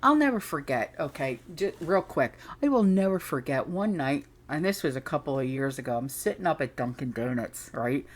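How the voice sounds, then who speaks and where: A middle-aged woman hosting her own channel speaks in a rumbling low voice with lively intonation, a moderate pace and few pauses. Her casual monologue is an indignant, rambling rant that wanders off onto tangents.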